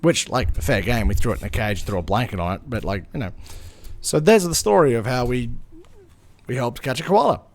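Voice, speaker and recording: A man's voice: mid-range voice, animated, fairly quick. A young man streaming a game, telling a story casually and animatedly, swearing freely. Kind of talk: casual storytelling while gaming.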